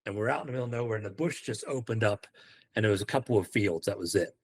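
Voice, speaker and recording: Man from the uk, lowish voice, casual podcast guest, animated storyteller doing quoted lines. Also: racing, breathy edge. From United Kingdom. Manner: animated, acts out quoted dialogue. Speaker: podcast guest, former Marine.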